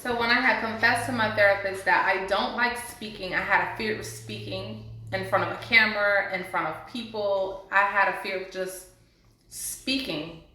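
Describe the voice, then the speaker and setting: A woman's voice: medium pitch, fairly even intonation, moderate pace, pushed and bright. Earnest woman in a very echoey room. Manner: earnest, heartfelt, faith-based encouragement. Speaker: vlogger sharing a personal story. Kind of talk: casual testimony to camera. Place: indoors, sitting before a camera.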